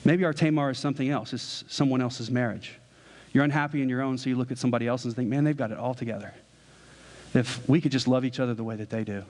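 A man's voice: medium pitch, fairly even intonation, fast, a little mellow. Preaching man in a reverberant hall. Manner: conversational, asks the congregation questions, jokes. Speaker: pastor. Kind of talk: sermon.

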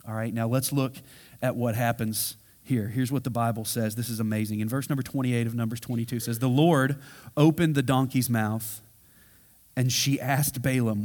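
Male pastor, mid-pitched, animated sermon storyteller, long hall echo. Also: moderate pace. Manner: animated storytelling, acts out quoted lines. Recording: reverberant hall sound.

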